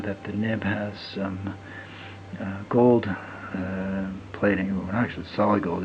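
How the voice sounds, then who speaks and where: A man in his fifties casually reviewing a fountain pen, talking in a halting, rambling way with lots of fillers and trailing off as he writes. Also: mid-range voice, lo-fi sound, slight background noise. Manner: rambling, halting, many fillers, drifts to a mutter while writing. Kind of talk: casual unboxing and writing test.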